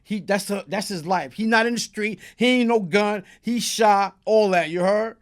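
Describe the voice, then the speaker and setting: His voice sits high and moves at a normal speed. He's a New York-accented Brooklyn man, an interview guest, casually telling a long story that's streetwise and profane, with tag questions like "you heard?" thrown in.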